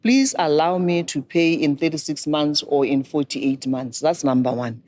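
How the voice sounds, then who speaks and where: A middle-aged woman, a banking expert giving measured, instructive advice. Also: deep voice, dark tone. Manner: measured, instructive, poses questions to listeners. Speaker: banking and microfinance expert guest. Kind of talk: explanatory advice talk.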